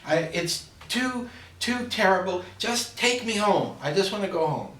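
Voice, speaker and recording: A man's voice: high voice, lively intonation, a little slow, fairly bright tone, voice pushed up. A man voicing a distraught young bride who whines and pleads to be taken home. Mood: pleading, upset. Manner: whiny, pleading. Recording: roomy echo, far from the mic.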